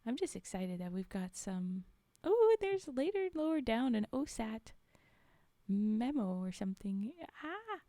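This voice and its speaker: A woman's voice: mid-range voice, sing-song, a little slow, warm tone, dry recording. A woman streamer reading a story aloud and reacting with playful, giggly asides.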